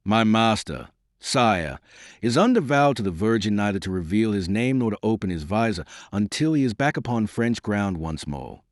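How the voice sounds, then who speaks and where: A man voicing a swaggering Breton squire and herald who speaks with a hoarse, thick voice and a Breton accent. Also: fairly low pitch, very animated, no room sound, clean studio sound. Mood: bold. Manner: bold, earnest, quick-spoken.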